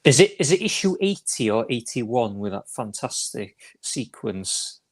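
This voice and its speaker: A man chatting casually on a podcast, soft-spoken with stammering restarts. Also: medium pitch, very animated, measured pace. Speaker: guest co-host.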